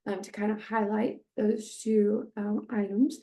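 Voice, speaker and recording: A woman with a mellow, gravelly voice talks slowly through an instructional demonstration. She hesitates often with fillers, then models short phrases with drawn-out, heavily stressed words. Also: mid-range voice, level tone. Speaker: speech therapy instructor.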